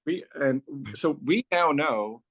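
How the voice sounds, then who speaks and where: A man's voice: on the high side, expressive, slow. Man telling a personal story casually. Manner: loose and rambling, strings clauses with "so" and "like". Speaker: company founder telling his story as a guest.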